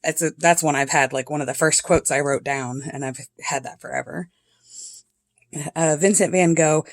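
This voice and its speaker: Brief: low-pitched woman, casual vlog, reads quotes and chuckles, dry close sound. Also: steady tone, moderate pace, dry recording. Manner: chatty, laughs often, reads quotes then comments. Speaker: vlogger. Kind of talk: casual journal flip-through, reading quotes aloud. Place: home with cats and dogs.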